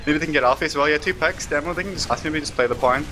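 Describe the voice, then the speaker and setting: A man giving live esports analysis, talking in quick runs packed with "like" and "kinda". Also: on the high side, bright, forceful tone, soft background music. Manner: rapid, filler-heavy analysis with "like" and "kinda". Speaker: esports caster.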